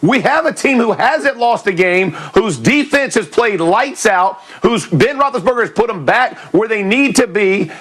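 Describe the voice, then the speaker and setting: A man's voice: high-pitched, lively intonation, normal speed, hardly any pauses, fairly bright tone. A man arguing in a heated sports debate, pushing back emphatically in colloquial speech.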